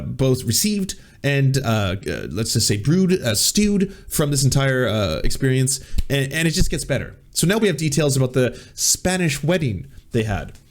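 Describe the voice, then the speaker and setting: A man hosting a political comedy show, mocking a news story with sarcasm, frequent laughter and stammered restarts. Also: mid-range voice. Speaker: political comedy podcast host.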